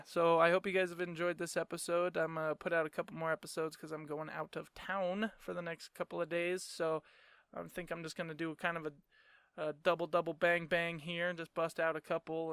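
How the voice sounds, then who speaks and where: A man's voice: on the high side, fairly bright tone, clean tone, no room sound, clean studio sound. A young man hosting his own podcast, ranting in a sarcastic, profane way and laughing often. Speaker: podcast host. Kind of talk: casual solo rant.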